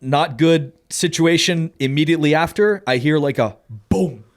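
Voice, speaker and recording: A man telling a story on a podcast in a casual, profane, animated way, often laughing as he talks. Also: a little high, moderate pace. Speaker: podcast co-host.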